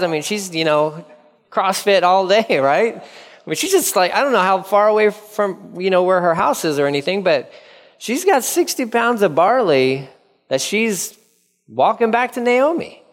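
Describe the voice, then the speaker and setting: Male pastor, slightly high voice, animated and playful teaching style, hall reverb. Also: measured pace. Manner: animated, jokey, acts out quoted characters. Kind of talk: casual Bible teaching sermon.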